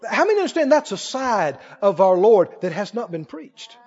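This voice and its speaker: A man preaching a sermon to a congregation, animated, laughing often and asking them questions. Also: sits high, normal speed, husky, highs cut off.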